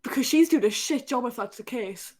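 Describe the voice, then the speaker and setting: A young woman with a voice that sits a little high hosts a comedy podcast. She riffs and jokes in loose, casual chat, swearing freely as she goes. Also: expressive, a little fast, a little mellow. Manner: crude, joking, swears freely. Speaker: podcast host.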